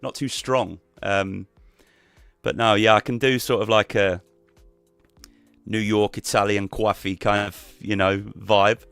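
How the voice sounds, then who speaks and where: A man with a relaxed, rambling way of talking, chatting casually as a guest on a live stream over a call mic. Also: lowish voice, slow, creaky, clear, resonant tone, faint music behind. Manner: relaxed, rambling, many fillers and restarts.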